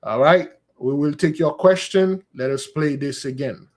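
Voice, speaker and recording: A man delivers an earnest sermon that flows into a spoken prayer, exhorting his listeners and addressing them as beloved. His voice sits a little higher than most men's. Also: measured pace, a little mellow. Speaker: preacher.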